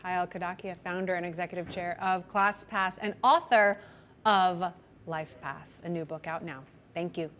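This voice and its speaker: A woman anchoring a business news show, presenting segments and questioning guests in a brisk, polished delivery. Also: on the low side, a bit bright.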